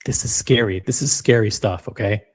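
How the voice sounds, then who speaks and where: A man hosting a reaction video, talking in an animated, rambling and blunt way with casual swearing. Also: lowish voice, normal speed. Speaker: watch channel host reacting to clips.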